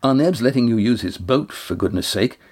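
A man voicing a young woman who speaks in a gentle, reassuring way in an audiobook. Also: medium pitch, animated, moderate pace, breathy edge. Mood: tender. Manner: reassuring, coaxing. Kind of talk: audiobook character voice.

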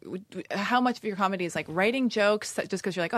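Fast-talking joking woman host. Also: medium pitch, dry recording, studio quality. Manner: quick, joking, interjects often. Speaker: podcast host. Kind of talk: casual interview chat.

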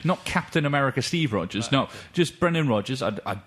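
A man joining a football podcast as a guest, talking casually and quickly, with firm opinions and the odd swear word. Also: mid-range voice, expressive, fairly bright tone, husky.

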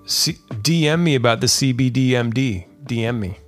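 A man's voice: medium pitch, moderate pace, soft background music. A man hosting his podcast stream in a laid-back, rambling chat, dropping fillers and calling listeners "dude". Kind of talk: casual live-stream chat.

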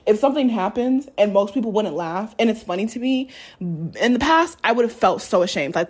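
A woman's voice: medium pitch, animated, a little fast, husky. A young woman hosting a casual spiritual podcast, talking candidly, swearing freely and laughing often. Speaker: podcast host.

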